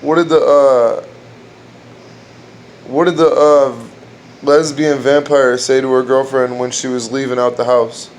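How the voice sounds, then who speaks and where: A man trying out crude stand-up jokes at home, rambling, restarting lines and laughing at his own punchlines in a dark room. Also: medium pitch, little pitch movement, a little slow, pauses often, a little hiss or hum. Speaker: amateur comedian trying out jokes. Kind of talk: casual joke-telling at home.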